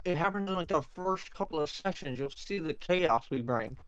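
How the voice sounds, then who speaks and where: A man's voice: a little high, lively intonation, normal speed, smooth, no echo. A man running a tabletop game on a live stream, chatting casually and rambling with frequent laughs. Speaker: game master. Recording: dry, slightly dull mic.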